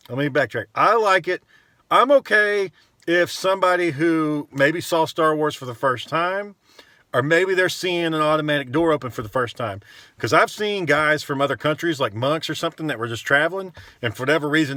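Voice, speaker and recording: Profane ranting man, bright crisp tone. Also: fairly high pitch, dry recording. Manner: blunt, profane, rambling with frequent fillers. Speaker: vlogger. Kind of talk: casual rant to camera.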